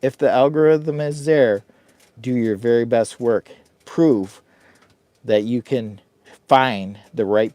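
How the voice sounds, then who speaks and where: A man's voice: mid-range voice, takes it slowly, dark tone. A man casually rambling through a camping vlog, goofy and self-mocking, chatting straight to his viewers. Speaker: vlogger. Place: hot tent while camping.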